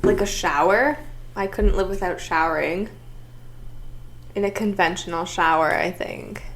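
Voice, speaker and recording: A woman's voice: fairly low pitch, a little slow, a little hiss or hum. A young woman co-hosting a podcast, blunt and sarcastic, swearing freely in casual chat. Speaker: podcast co-host.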